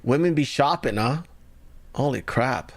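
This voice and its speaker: A man's voice: mid-range voice, lively intonation, measured pace. A man hosting a livestream, giving casual, sarcastic political commentary and mocking the stories he reads. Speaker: livestream news commentary host.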